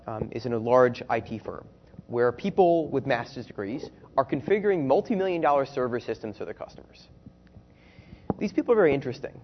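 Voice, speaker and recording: A man's voice: medium pitch, dull audio, slight background noise. A man who is a researcher giving a conference-style presentation, speaking conversationally and often checking in with the audience through rhetorical questions.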